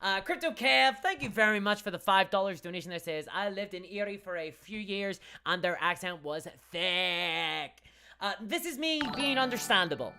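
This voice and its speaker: Bright-voiced Northern Irish woman streamer. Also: mid-range voice, animated, moderate pace, smooth. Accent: softened Northern Irish. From Northern Ireland. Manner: chatty, laughing, frequent restarts. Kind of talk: casual livestream chat reading viewer comments.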